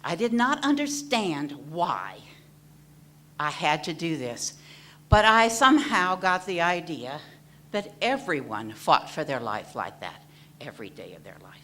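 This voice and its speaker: A woman's voice: sits low, big pitch swings, measured pace, a bit bright, slight background noise. A middle-aged woman therapist giving an earnest, direct personal talk to an audience. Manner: earnest, direct, addresses listeners as folks. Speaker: mental health therapist speaking at an event.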